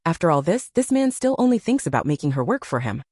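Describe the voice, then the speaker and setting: A woman's voice: low-pitched, sing-song, fast talker, a little mellow, breathy edge, no room sound, studio quality. A woman narrating a romance novel in a scripted storytelling manner.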